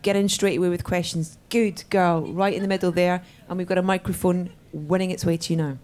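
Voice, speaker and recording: A woman's voice: fairly low pitch, steady tone, darkish tone. Woman moderator running audience questions. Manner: brisk, directive, takes audience questions. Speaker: event host and moderator. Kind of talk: moderating a live Q&A. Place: event hall with live audience.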